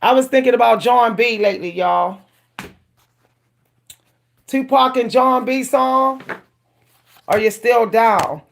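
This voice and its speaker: A woman's voice: on the high side, slow pace, gravelly, pauses often. A woman from Pittsburgh with a Pittsburgh accent, chatting casually on a tarot reading livestream and often repeating herself. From Pittsburgh, USA. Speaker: tarot reader.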